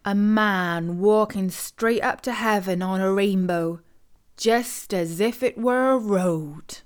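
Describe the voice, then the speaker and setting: A woman's voice: medium pitch, slow pace, clear, resonant tone, lightly acted. A woman voicing a cunning old male soldier, a sly trickster in a storybook tale.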